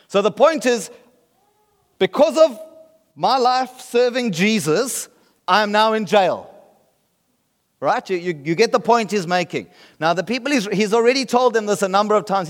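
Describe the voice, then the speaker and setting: With a high voice, lively intonation and normal speed, a South African-accented pastor delivers a conversational sermon in a space with big-room sound. Again and again he checks whether his listeners get the point.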